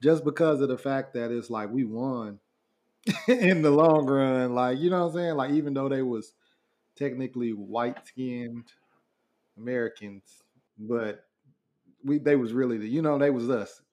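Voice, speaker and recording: A man's voice: medium pitch, a little slow, darkish tone. A man co-hosting a podcast, joking around in casual, slangy talk. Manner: joking, slangy, laughs easily. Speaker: podcast co-host. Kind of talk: casual chat.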